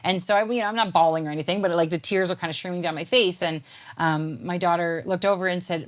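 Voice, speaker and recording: A woman's voice: fairly low pitch, quick pace. A woman in her thirties from Canada, a poet and guest chatting casually in an interview, rambling with lots of fillers.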